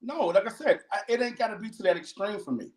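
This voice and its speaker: A man's voice: sits high, animated, fast, echoey room. A man co-hosting a casual chat show, talking in a laid-back way and often saying "you know what I'm saying". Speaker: co-host.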